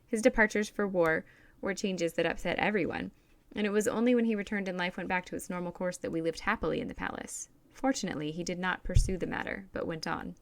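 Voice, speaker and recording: A woman reading a novel aloud in first person, in a steady, even storytelling manner. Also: fairly low pitch, fast, dry recording. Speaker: audiobook reader.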